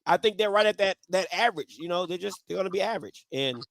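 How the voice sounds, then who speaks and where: A man's voice: high voice, expressive, fast, vocal fry, fairly bright tone, dry recording. A man hosting a sports talk show, debating football in an emphatic style and repeating his points.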